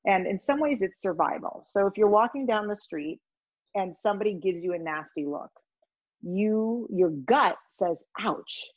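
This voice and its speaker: A woman guest in an interview, telling stories in a rambling, animated way. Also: mid-range voice, normal speed, dry recording, dull audio. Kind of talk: conversational storytelling.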